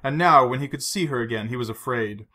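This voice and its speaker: A male narrator reads a novel aloud in a measured, steady manner. His voice is bright and forward, with a slightly tense edge. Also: mid-range voice. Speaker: audiobook narrator. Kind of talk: scripted narration.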